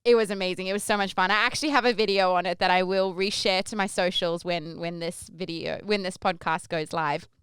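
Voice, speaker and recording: A woman's voice: on the low side, brisk, few pauses, clean tone, no room sound. A young adult Australian woman hosting a podcast, telling a long story in a chatty, rambling way. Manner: chatty, rambling, lively when acting out her stage intros. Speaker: podcast host. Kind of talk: casual storytelling.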